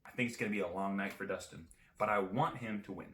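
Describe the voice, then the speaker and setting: A man's voice: fairly low pitch, quick pace, a bit bright. A young man co-hosting a comedy podcast with his brother, goofy and joking in casual banter. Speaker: podcast co-host. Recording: echoey room with faint hiss.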